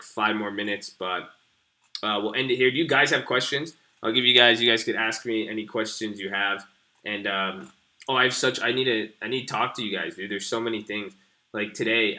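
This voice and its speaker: A man's voice: lowish voice, pushed and bright. Rambling, slangy young man streaming. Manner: rambling, slangy and profane, chatting to viewers. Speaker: stream host. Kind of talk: casual live-stream commentary.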